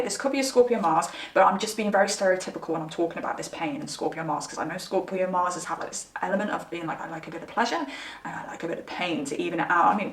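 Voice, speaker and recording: A woman's voice: mid-range voice, echoey room, recorded from a distance. A young woman chatting candidly to her viewers while giving a pick-a-card tarot reading. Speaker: tarot reader.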